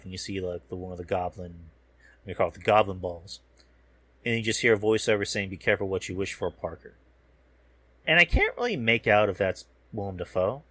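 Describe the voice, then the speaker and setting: A podcast host with a lowish, fairly bright voice, recorded dry, casually recaps a film trailer while watching a show. He rambles and swears, often losing his words mid-sentence.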